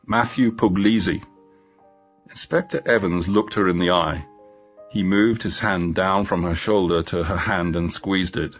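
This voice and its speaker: Low-voiced man reading a story. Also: steady tone, moderate pace, muffled recording, soft background music. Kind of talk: graded reader story narration.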